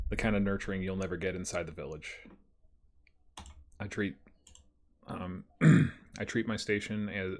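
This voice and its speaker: A man doing a grave woodland warrior mentor. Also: sits low.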